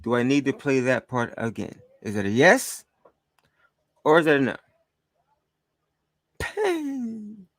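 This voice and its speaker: A man's voice: medium pitch, normal speed, fairly bright tone, dry recording. A man hosting a podcast, giving heated commentary on played clips and taunting the people in them. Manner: taunting, scolding listeners. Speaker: podcast host.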